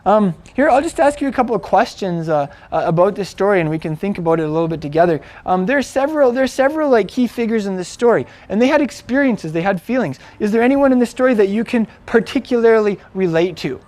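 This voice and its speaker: A man's voice: high-pitched, animated, fast talker, hardly any pauses, a little mellow. A man teaching from the Bible in a casual storytelling way, with many fillers and restarts as he retells the story conversationally.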